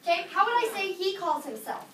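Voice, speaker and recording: A high, bright-voiced woman teaches a high school class with playful energy, tossing questions to her students. She is picked up from a distance in a reverberant classroom, with a faint hum of room noise behind her. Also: big pitch swings, a little fast.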